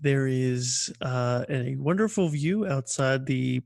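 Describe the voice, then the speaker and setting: A gravelly, unhurried airline captain makes a polite cabin announcement, as a man at the gaming table puts him on. The voice is slow and graceful, with a little fry. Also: medium pitch, a little mellow, no room sound, clean studio sound. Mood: courteous. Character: smooth male airline pilot announcer.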